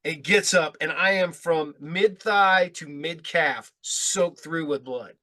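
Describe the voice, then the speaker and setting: Bright-voiced, swearing male podcast host. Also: fairly high pitch, slow pace. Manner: profane, chuckling storyteller. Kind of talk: casual podcast chat.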